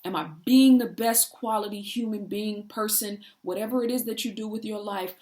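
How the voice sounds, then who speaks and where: A woman's voice: medium pitch, normal speed, darkish tone, slight background noise. A woman giving an earnest inspirational talk, building through repeated rhetorical questions. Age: adult parent. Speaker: spiritual speaker. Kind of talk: inspirational monologue.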